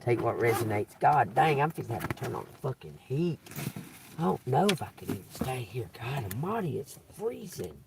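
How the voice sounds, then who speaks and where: A man live-streaming a psychic reading from inside a car, talking slowly, spelling out letters and swearing casually. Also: medium pitch, very animated, gravelly, distant mic, background noise.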